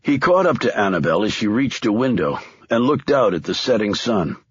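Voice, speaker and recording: A husky-voiced man reads a thriller audiobook in a measured, expressive style, his pitch moving a lot across each line. The recording is dry and close, with a slightly dull, lo-fi tone. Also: no room sound. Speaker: audiobook narrator. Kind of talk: scripted thriller narration.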